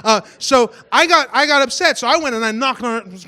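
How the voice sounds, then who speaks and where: A man pastor giving a casual storytelling sermon, animated and self-mocking, acting out voices in his stories. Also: extremely high pitch, a little fast.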